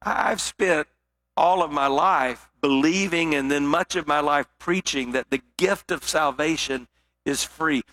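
High, bright-voiced man preaching. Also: a little slow. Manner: dramatic storytelling, drops to a hushed voice for weight. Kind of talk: sermon.

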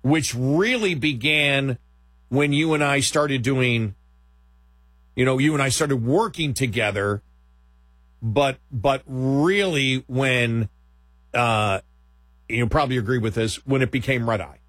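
A man's voice: medium pitch, takes it slowly, pauses often, a bit bright, no room sound. A middle-aged man, a radio host and podcaster, chatting casually, rambling and laughing as he quotes himself. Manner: rambling, laughing, self-quoting.

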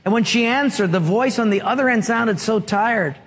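A man's voice: high-pitched, moderate pace, fairly bright tone. A man preaching a sermon as pastor, telling stories with humor and acting out the voices in them. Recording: reverberant hall.

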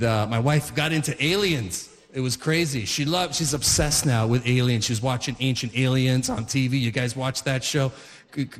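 A man's voice: medium pitch, big-room sound. A man in his forties doing stand-up, telling stories in a rambling, stop-start way. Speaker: stand-up comedian. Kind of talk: stand-up comedy.

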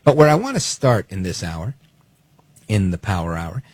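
A man's voice: sits low, normal speed, breathy edge, dry recording. A man hosting a talk radio show, delivering an opinionated monologue with sarcasm and acted-out quotes. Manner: animated, sarcastic, acts out quoted voices.

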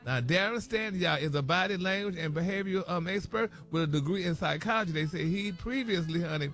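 A man's voice: sits high, fast, fairly bright tone, faint music behind. A man presenting a celebrity gossip segment on a radio morning show, dramatic and peppering every line with "honey" and "y'all". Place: radio studio.

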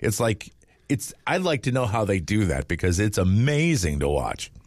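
A man's voice: lowish voice, very animated, normal speed, no room sound. A middle-aged man hosting a morning radio show, chatting casually and laughing easily as he rambles. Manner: chuckling, rambling, easygoing.

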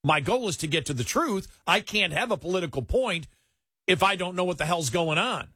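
A middle-aged man, a talk host, speaking bluntly and emphatically in casual political chat, often halting on fillers. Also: sits high, lively intonation, bright, forceful tone, slightly rough, no echo, clean studio sound.

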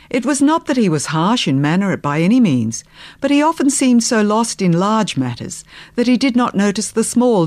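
A woman narrating a period novel in the first person, with soft, unhurried storytelling that sometimes sinks to a near-whisper. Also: lowish voice, dry recording. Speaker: audiobook narrator.

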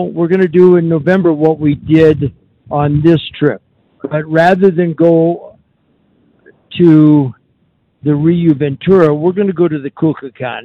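Man, radio talk host, folksy rambling chat, fairly high voice, slightly muffled dry studio sound. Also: no room sound. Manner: folksy, rambling, frequent fillers. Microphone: studio microphone.

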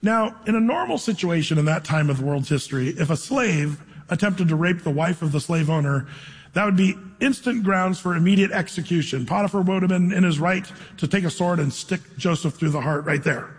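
A male preacher with a husky, fairly high voice. He reads scripture with slow, dramatic weight, then slips into a loose, chatty retelling. A long reverb trails his words through a large hall. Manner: informal storytelling with dramatic slow reading. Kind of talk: sermon, reading scripture then retelling the story.

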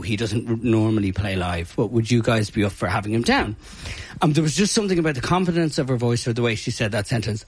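A man's voice: mid-range voice, fairly quick, breathy edge. Chatty Irish man telling stories. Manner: animated, chatty storyteller with frequent fillers. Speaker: music night organizer. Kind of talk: casual interview storytelling.

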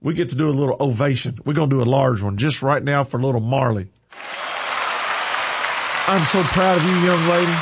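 A man's voice: mid-range voice, slightly rough. A man hosting a worship music show in a fervent, preacher-like way, breaking into impassioned bursts. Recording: dull lo-fi recording.

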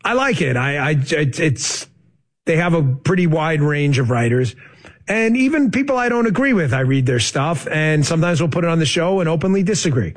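Male show host, high-pitched voice, combative and sarcastic political commentary. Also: expressive, normal speed. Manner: combative, sarcastic, rising to heated outbursts.

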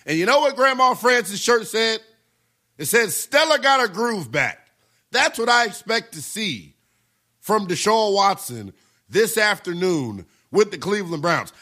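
A man's voice: sits high, very animated, a little slow, sharp tone. A man hosting a sports talk radio show, giving brash, emphatic opinions and taking calls.

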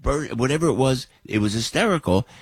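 A man's voice: mid-range voice, animated, brisk, breathy edge, no room sound. A middle-aged man, hosting a morning radio show and telling stories in a rambling, chatty way with many restarts. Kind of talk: casual morning show storytelling.

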